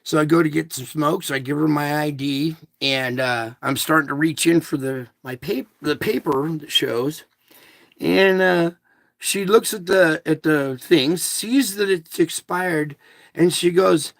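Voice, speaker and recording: A man's voice: a little high, unhurried, creaky, fairly bright tone, no room sound. A man in his fifties talking to his viewers in a rambling, emphatic rant, often checking in with "okay?". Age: 50s. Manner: emphatic, ranting, addresses listeners with "okay?". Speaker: vlogger.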